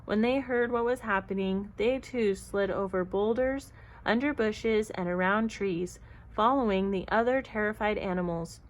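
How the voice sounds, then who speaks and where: A woman's voice: mid-range voice, normal speed, rough recording. Woman reading a children's story aloud.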